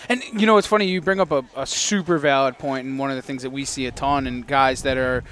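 A man's voice: mid-range voice, steady tone, fast, a bit bright. A man hosting a podcast outdoors, chatting casually in an upbeat and encouraging way. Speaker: podcast host. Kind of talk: casual interview chat. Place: outdoors at an event.

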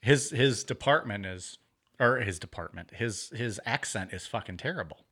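A man's voice: fairly low pitch, lively intonation, normal speed, bright, forceful tone, slightly rough. Guy cohost, swears a lot, jokes around, voice goes all over the place. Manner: profane, joking, rambling. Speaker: podcast co-host. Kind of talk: casual banter.

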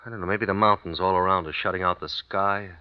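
A man's voice: low-pitched, fairly even intonation, fast talker, smooth, lightly acted. An actor playing an American writer traveling abroad with his wife, hesitant and stammering when he feels uneasy. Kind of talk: radio drama acting. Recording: dull lo-fi old recording.

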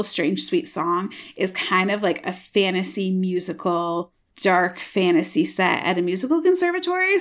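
A young woman co-hosting a podcast, chatting casually about a book with lots of "like" fillers. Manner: chatty, many "like" fillers, lively pitch swings. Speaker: podcast co-host.

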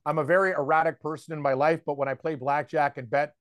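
A man co-hosting a sports betting podcast, chatting casually in a rambling, excitable way with lots of fillers. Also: a little high, quick pace, no echo, clean studio sound. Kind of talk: casual chat.

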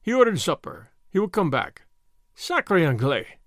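A man's voice: sits high, very animated, normal speed, dry recording, studio quality. Brief: man voicing a rude, grumbling innkeeper, curt mutters. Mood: contemptuous. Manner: sullen muttering.

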